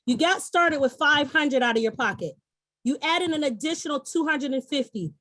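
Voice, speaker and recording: A middle-aged woman with a high, upbeat voice pitches an investment to a webinar audience, coaxing them directly. She speaks over a video call with a dry, close sound and no room echo. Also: expressive, normal speed, fairly bright tone. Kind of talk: persuasive sales pitch.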